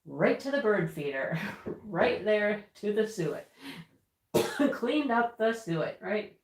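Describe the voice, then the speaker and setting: A woman at home chats with her livestream viewers, telling a rambling, animated story and laughing often. Her pitch sits at an ordinary middle level. The room around her rings with a noticeable echo. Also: slow pace. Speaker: livestream host. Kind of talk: casual chat while crafting. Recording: roomy echo.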